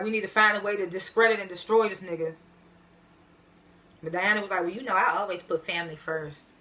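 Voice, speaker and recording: A woman's voice: medium pitch, sharp tone. A woman giving a casual, slangy recap of a TV episode, retelling scenes as loose quotes and correcting herself as she rambles. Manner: rambling with frequent fillers and self-corrections. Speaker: TV episode reviewer.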